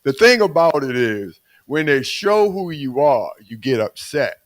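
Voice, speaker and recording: An older man with a Baltimore accent co-hosting a podcast, talking in an animated, preachy way with some teasing. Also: fairly high pitch, a little slow, no room sound. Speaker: podcast co-host. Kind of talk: casual chat.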